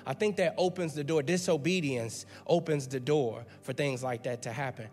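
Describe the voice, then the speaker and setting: A man's voice: fairly high pitch, normal speed, few pauses, a little mellow. A male pastor preaching an emphatic, conversational sermon in a church, repeating words as he builds his point. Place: church sanctuary. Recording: long hall reverb.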